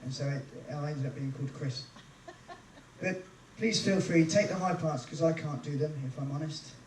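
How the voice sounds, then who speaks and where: A cruise ship entertainer on a live stage, bantering and teasing the crowd with self-mocking jokes. His high voice carries through an echoey room, picked up from some way off the mic with the band close by. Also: moderate pace, darkish tone, far from the mic, slight background noise. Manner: chatty, self-mocking jokes between songs.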